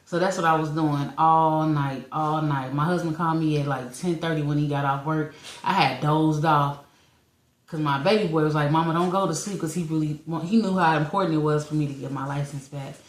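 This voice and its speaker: Her voice sits low and moves fairly quickly: a podcast co-host in her forties telling a long personal story in a casual storytelling chat. Animated, she acts out what people said and laughs often, and the recording has an echoey room sound.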